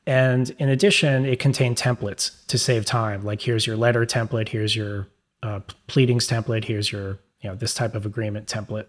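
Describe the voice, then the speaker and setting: A man's voice: fairly low pitch, fairly even intonation, moderate pace. New York man explaining legal tech. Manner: casual, explanatory, trails off with fillers. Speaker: podcast guest, legal tech publisher. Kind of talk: conversational interview.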